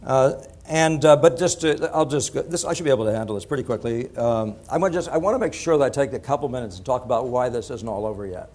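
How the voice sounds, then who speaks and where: A middle-aged man giving a conference talk in an animated, digressive way, laughing at his own points. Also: mid-range voice, quick pace. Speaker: conference speaker. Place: conference hall.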